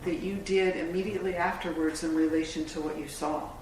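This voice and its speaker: A woman's voice: fairly low pitch, steady tone, fairly quick, darkish tone, a little hiss or hum. A woman interviewing for the police, asking short probing questions. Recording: distant voice in a very echoey room.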